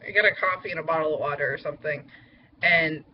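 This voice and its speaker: A woman's voice: sits low, fast talker, muffled recording, a little hiss or hum. A young woman chatting casually in a vlog update, rambling with lots of fillers. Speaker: vlogger.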